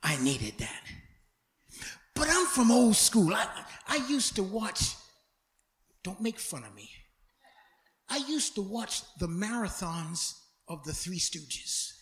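A man preaching a sermon as pastor, dramatic, swinging from loud shouts to hushed tones and stumbling over repeated words. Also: sits high, lively intonation, slow, roomy sound.

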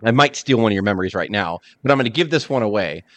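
A man's voice: lowish voice, rapid-fire, dry recording. A man hosting a podcast in casual chat, telling stories animatedly and acting out quotes. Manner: animated storyteller, acts out quotes. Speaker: podcast host.

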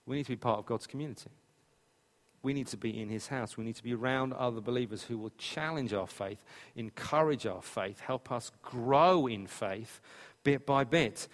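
Male pastor, mid pitch, lively sermon delivery, echoing church hall. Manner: animated storytelling, acts out quotes.

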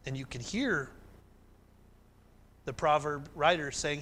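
A male pastor preaching a sermon in an animated way, climbing to emphatic peaks and then dropping soft. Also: fairly high pitch, slow, long pauses, slight background noise.

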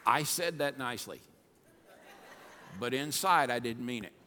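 Fired-up pastor in a big hall. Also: male voice, mid-range voice, unhurried, some chatter behind, a little hiss or hum. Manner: fired-up, swings from soft to shouting. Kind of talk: sermon. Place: church sanctuary. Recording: long hall reverb.

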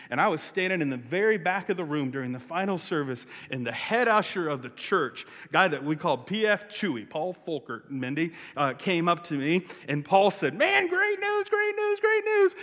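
A pastor telling a personal story in a sermon, acting out the voices of the people in it. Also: male voice, on the high side, a bit bright. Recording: long reverb of a large hall.

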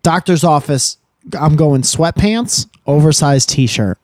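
A man's voice: a little high, animated, takes it slowly, a little mellow, dry recording. A young man co-hosting a casual podcast, rambling and joking with crude, profane humor. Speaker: podcast co-host.

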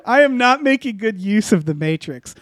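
A man's voice: high-pitched, animated, moderate pace, fairly bright tone, no room sound, studio quality. A man co-hosting a comedy podcast, rambling through an improvised story with many filler sounds and restarts. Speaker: podcast co-host.

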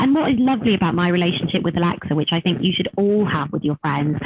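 Candid woman on a tinny line. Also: fairly low pitch. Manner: candid, animated, swears freely. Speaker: podcast co-host. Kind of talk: casual chat. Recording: tinny phone-like line, faint hiss.

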